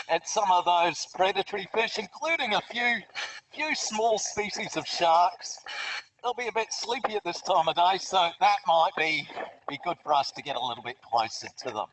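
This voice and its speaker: A man with an Australian accent presents a live educational webinar from underwater in a large aquarium tank, speaking cheerfully and chattily through a full face mask microphone. His voice is high and a bit bright. The sound is distant and muffled from the underwater mask mic.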